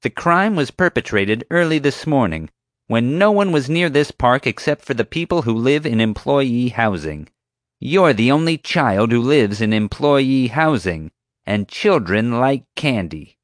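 A man's voice: mid-range voice, very animated, a little slow, no room sound, clean studio sound, pitched above the performer's own voice. A man voicing a bossy, sneering female park security officer who snaps and accuses. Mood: accusing. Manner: snapping, accusing, sarcastic.

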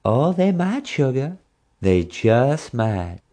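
A man voices a haughty rich woman collector with a slow, affected Texas drawl. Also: medium pitch, big pitch swings, mellow, voice pushed up. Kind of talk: audiobook character voice.

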